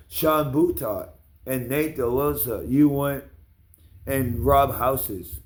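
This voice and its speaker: Angry profane man ranting. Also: takes it slowly. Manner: profane, heated, rambling; gets louder and higher when angry.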